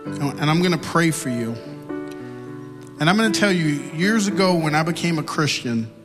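A man's voice: on the high side, lively intonation, normal speed, in a large hall, music in the background. A man preaching and leading an altar-call prayer, building into impassioned, repetitive pleading. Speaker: pastor.

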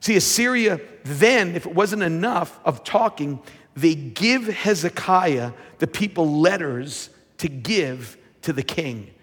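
A man's voice: on the high side, lively intonation, takes it slowly, fairly bright tone, breathy edge. A man preaching a fervent sermon as pastor, often restarting and repeating his words as he builds his point. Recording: long hall reverb.

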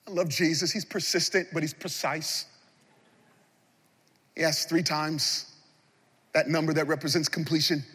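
A man preaching a sermon as pastor of a large church, swinging between loud passionate appeals and hushed moments. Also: sits high, expressive, normal speed, slightly rough, big-room sound.

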